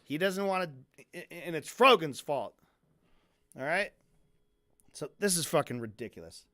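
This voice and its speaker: A man giving sarcastic, profane commentary as a streamer reacting to a video, with lots of halting restarts. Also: fairly high pitch, lively intonation, pushed and bright. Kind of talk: casual commentary.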